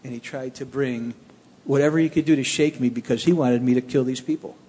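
A man from the Cleveland area tells his own testimony in plainspoken, animated storytelling. His mid-range voice is husky and fairly quick, and he speaks in a large hall.

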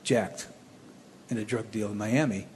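A man from the Cleveland area telling his own testimony in a plainspoken, animated storytelling way. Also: lowish voice, unhurried, long reverb tail, a little hiss or hum.

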